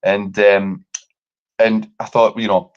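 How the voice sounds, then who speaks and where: A man's voice: slow pace, clear, resonant tone. A man hosting a live show, telling a long story casually, swearing a lot and acting out the other people's lines. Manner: animated, swearing, acts out quotes with big pitch jumps. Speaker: podcast host. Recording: dull lo-fi live stream audio.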